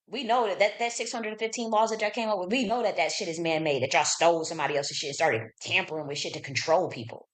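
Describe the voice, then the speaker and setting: A woman hosting a live stream, talking in a casual, profane and emphatic way and breaking off to read verses aloud. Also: low-pitched. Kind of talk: casual livestream monologue. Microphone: streaming setup.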